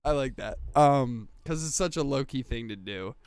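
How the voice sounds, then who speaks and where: A man's voice: medium pitch, lively intonation, normal speed, clean tone, no echo. A man casually recapping a TV episode on a podcast, rambling with fillers and acting out quoted lines. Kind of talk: casual chat.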